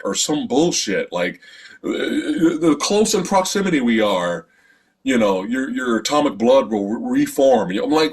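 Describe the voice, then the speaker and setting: A male movie reviewer rants through a casual spoiler review, cursing freely and dripping with sarcasm. His voice is husky, and his pitch swings widely as his frustration builds. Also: very animated, normal speed. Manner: exasperated, profane, sarcastic.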